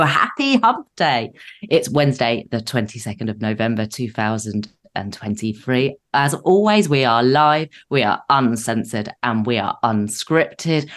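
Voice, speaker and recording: A woman co-hosting a live radio talk show, her voice deep, husky and bunged up from a cold, chatty with lots of fillers. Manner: frequent fillers, chatty and self-mocking.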